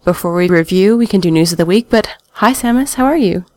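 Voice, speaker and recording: A woman's voice: mid-range voice, brisk, darkish tone, no echo, clean studio sound. A woman hosting a gaming podcast, reading the news of the week with wry asides and laughing often. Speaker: podcast host.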